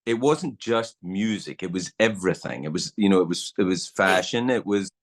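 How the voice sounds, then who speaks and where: A man in his sixties tells stories in a relaxed podcast conversation. His voice sits fairly low. He jumps up in pitch to act out the people in his stories. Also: moderate pace. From Scotland. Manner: animated storyteller, acts out voices. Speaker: guest. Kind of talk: casual storytelling in a podcast chat.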